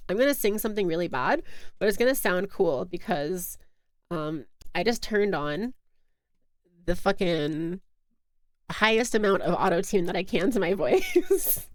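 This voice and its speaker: A woman's voice: lowish voice, sing-song, measured pace, dry recording. A young woman streaming a game, chatting casually in a giggly, self-mocking way into a close mic. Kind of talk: casual live-stream chat.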